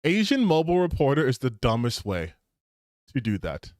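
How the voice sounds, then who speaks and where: A man's voice: mid-range voice, very animated, normal speed, a little mellow, dry recording, clean studio sound. A man streaming casual reaction commentary, sarcastic and incredulous, repeating his points for emphasis.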